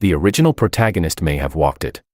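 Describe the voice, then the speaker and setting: Man, very low voice, animated story narration, dry close sound. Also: fast, dry recording. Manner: lively expressive reading. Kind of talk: first-person story narration.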